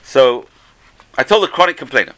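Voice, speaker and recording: A man's voice: mid-range voice, lively intonation, a little fast, fairly bright tone, slight background noise. A man who seems to be a rabbi, giving an informal religious talk full of stories. He is chatty, repeats his phrases and chuckles between points.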